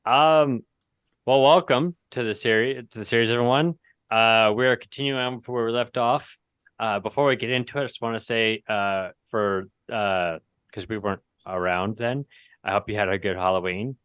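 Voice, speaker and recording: A man's voice: fairly low pitch, normal speed, fairly bright tone, clean tone, no echo. A man hosting a live tabletop game over a video call, talking loosely with many fillers and restarts. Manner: rambling, filler-heavy, self-correcting. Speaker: game master and host. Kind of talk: casual chat opening a live tabletop show.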